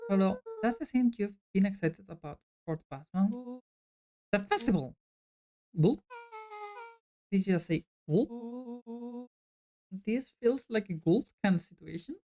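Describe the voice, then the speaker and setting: A woman voicing a group of excitable young kids on a nighttime adventure, jumpy and breathless. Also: medium pitch, measured pace, pauses often. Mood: frightened.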